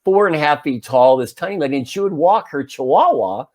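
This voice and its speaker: A man's voice: a little high, brisk. A man in his forties, a podcast co-host, casually telling a story and acting out the parts as he goes. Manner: animated storyteller, acts out his own yelling.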